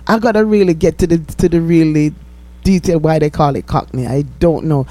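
A woman's voice: deep voice, fairly quick, dark tone, no room sound. A woman in her fifties from Jamaica with a Jamaican accent, chatting as a guest in an easygoing way and laughing often. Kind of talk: casual chat.

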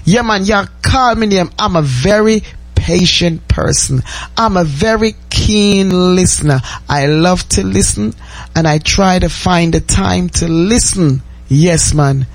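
A man's voice: high voice, unhurried, no room sound. A man with a Jamaican accent hosting a gospel radio show, chatting casually, reading listener messages and repeating phrases. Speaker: radio host.

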